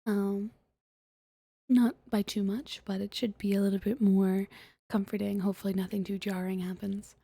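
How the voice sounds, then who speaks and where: A young woman streaming, reading a book aloud in a soft, hesitant, whispered ASMR style. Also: mid-range voice, flat delivery, normal speed, creaky, breathy edge, no room sound.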